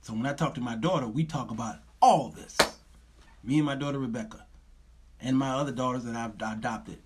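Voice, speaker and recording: A man's voice: medium pitch, fairly quick, background noise. A male show host, lecturing viewers in casual livestream talk and laughing often.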